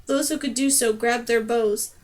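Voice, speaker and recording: A woman reading a fantasy novel aloud, in steady, clear scripted narration. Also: a little high, normal speed. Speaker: audiobook reader.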